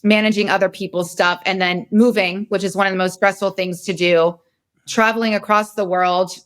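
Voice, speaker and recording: A woman's voice: medium pitch, steady tone, normal speed, fairly bright tone. A woman in her forties hosting a podcast, telling a personal story in a candid, emotional, rambling way, and sounding very tired. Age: 40s. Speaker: podcast host.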